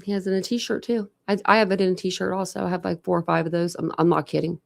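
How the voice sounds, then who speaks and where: Her lowish voice is creaky, flat in delivery, and fast. She's a young woman from Ohio hosting a true crime livestream, greeting viewers with a retainer in her mouth. The chat is casual and rambling, loaded with "like."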